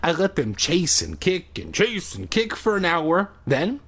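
A man with a husky voice reads a children's book aloud at home for laughs. His pitch swings widely as he reads. He keeps breaking off into crude, sarcastic asides. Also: wildly swooping pitch, unhurried, fairly bright tone. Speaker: reader.

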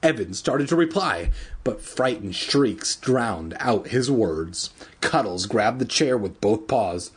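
Man, husky, lively reading voice, storybook at home, irreverent asides. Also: on the low side, takes it slowly. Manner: animated, irreverent, swearing asides. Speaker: reader.

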